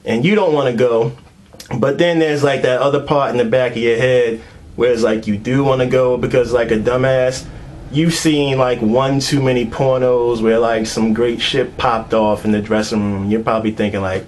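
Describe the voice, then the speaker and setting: Young guy ranting, swears a lot, says like every other word, average pitch. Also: steady tone, moderate pace, darkish tone, a little hiss or hum. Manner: crude, filler-heavy, streetwise slang. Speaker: comedian. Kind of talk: comedic monologue rant.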